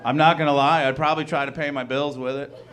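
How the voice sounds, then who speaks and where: A man in his thirties performing a stand-up comedy set, talking conversationally and acting out quick incredulous bits of dialogue. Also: a little high, little pitch movement, a bit bright, a faint crowd. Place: comedy club stage.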